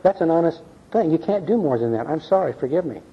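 A man's voice: a little high, animated, quick pace, breathy edge. Older man teaching a folksy church class. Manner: folksy, earnest, asks "see?" and "okay?". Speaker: Bible study teacher. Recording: muffled lo-fi recording.

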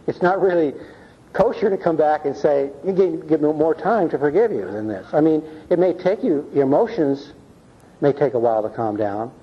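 A man's voice: a little high, husky. Older man teaching a folksy church class. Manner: folksy, earnest, asks "see?" and "okay?". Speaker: Bible study teacher. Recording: muffled lo-fi recording.

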